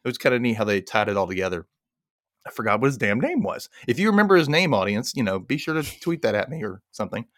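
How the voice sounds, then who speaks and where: A man's voice: medium pitch, animated, quick pace, no room sound, studio quality. A man hosting a podcast, recapping a TV episode in casual chat, laughing often and mimicking the characters in silly voices. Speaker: podcast host.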